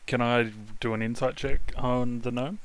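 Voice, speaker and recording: A man playing a tabletop game, asking questions in a halting, casual way. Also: mid-range voice, level tone, smooth, rough recording. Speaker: player.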